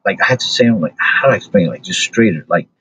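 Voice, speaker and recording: A man in casual podcast chat, talking in a laid-back, monotone way with lots of fillers. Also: low-pitched, rapid-fire, a little hiss or hum. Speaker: comedian, podcast guest. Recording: dull lo-fi recording.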